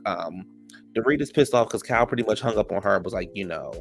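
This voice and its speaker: A man's voice: on the low side, very fast, vocal fry, fairly bright tone, faint music behind. A man giving a sassy, gossipy casual recap of a reality show, calling listeners "child" and "honey.". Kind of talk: casual episode recap commentary.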